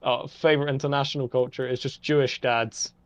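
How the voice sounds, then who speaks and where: A man co-hosting a casual podcast, teasing his friend in quick banter. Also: mid-range voice, level tone, no echo. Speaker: podcast co-host. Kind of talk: casual chat. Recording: dull lo-fi sound.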